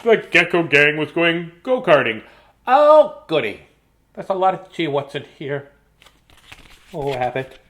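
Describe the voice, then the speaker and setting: A man's voice: fairly high pitch, unhurried, sharp tone. A man hosting a casual read-aloud of picture books for children, playful and jokey, with silly asides.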